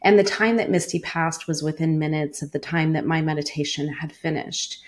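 A woman's voice: low-pitched, darkish tone. A woman in her forties, a former cancer doctor, earnestly telling a personal story in an interview, with many "like" fillers.

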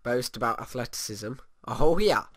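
A man's voice: mid-range voice, a little slow, fairly bright tone, no echo, studio quality. A man giving casual let's play commentary, rambling and humming to himself as he plays. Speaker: gamer.

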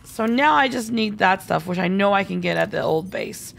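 A woman's voice: mid-range voice, animated, moderate pace, creaky, a bit bright, a little hiss or hum. A woman streaming a game live, chatty and giggly, thinking aloud and answering viewer chat. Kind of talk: live gameplay commentary.

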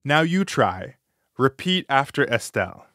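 A man hosting a scripted language lesson, modeling phrases slowly and clearly with encouraging feedback. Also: mid-range voice, big pitch swings, pushed and bright, no echo, studio quality. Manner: slow, clear, encouraging pronunciation drills.

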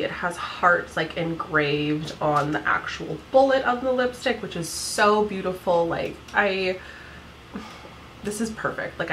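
A woman's voice: on the low side, fairly bright tone, a little hiss or hum, low-quality recording. Chatty giggly woman in her thirties. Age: 30s. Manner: chatty, giggly, lots of "like" fillers. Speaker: beauty vlogger. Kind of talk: casual makeup tutorial chat.

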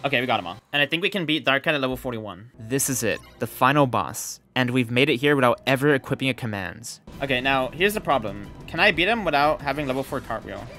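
A young man giving excited live commentary while playing a video game, swearing, yelling and laughing at the fight. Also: medium pitch, quick pace, hardly any pauses, faint music behind. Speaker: gaming streamer.

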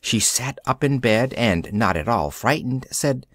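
Storybook narrator for English learners: a man with a lively pitch and a dry, close sound. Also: a little slow, no room sound.

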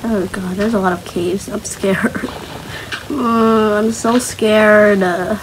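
Slow, nervous young woman gaming. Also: medium pitch, steady tone, a little hiss or hum, poor audio. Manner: nervous, chatty self-talk. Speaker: gaming channel host. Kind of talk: casual Minecraft gameplay commentary.

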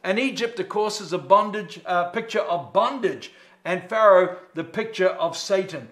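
Brief: emphatic pastor mid-sermon, high-pitched, reverberant sanctuary. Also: male voice, normal speed, a bit bright. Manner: emphatic, rhetorical questions. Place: church sanctuary. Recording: echoey church sanctuary.

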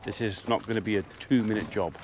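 A man films himself working as a farmer outdoors on a cattle farm, chatting casually in vlog narration. His voice is fairly low, steady, and fast as he talks gently to the cattle and calls them loudly. Outdoor noise fills the background, with cattle mooing.

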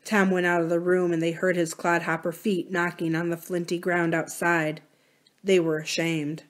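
A woman's voice: on the low side, little pitch movement, moderate pace. Woman reading a novel aloud. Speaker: library reader.

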